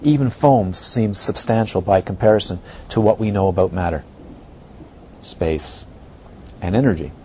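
A man's voice: lowish voice, moderate pace, long pauses, muffled recording, a little hiss or hum. A man, a Buddhist teacher, giving a dharma talk to students, asking many rhetorical questions and acting out how people react. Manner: animated, rhetorical questions, acts out others' reactions.

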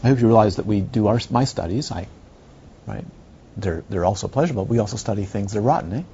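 A male Buddhist teacher gives a lively dharma talk, firing off rhetorical questions. His voice sits at an ordinary middle pitch. The recording is dull and slightly lo-fi, with a faint hiss underneath. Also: fast talker. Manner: animated, rhetorical questions, acts out others' reactions.

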